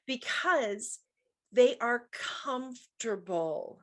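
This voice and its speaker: A woman's voice: fairly high pitch, lively intonation, drawn-out words, a bit bright. A middle-aged woman hosting a motivational business show, talking emphatically and repeating her key points. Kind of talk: motivational talk show monologue.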